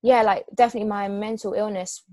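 A woman's voice: medium pitch, steady tone, quick pace, mellow, no room sound. A young woman in her twenties talking openly and with emotion in a casual heart-to-heart chat. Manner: open, emotional, frank.

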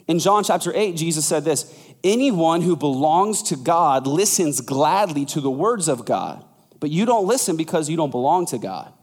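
A man preaching a sermon as pastor, conversational and lively, acting out quoted voices. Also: moderate pace, long reverb tail. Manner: animated, acts out quoted voices with big pitch jumps.

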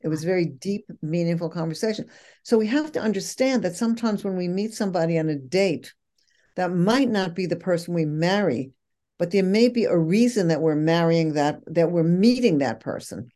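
Mellow, low-voiced woman reflecting earnestly. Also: expressive, moderate pace. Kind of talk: casual conversation.

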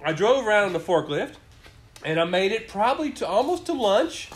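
A man's voice: sits high, sing-song, a little fast. A man telling a rambling work story in casual chat, swearing often and acting out his bosses' lines.

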